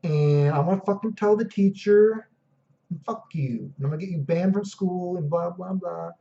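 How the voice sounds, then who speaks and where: A man's voice: high-pitched, moderate pace, vocal fry, warm tone. A man putting on the voice of a whiny, entitled male gamer who threatens to tell his mom. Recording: dull lo-fi audio.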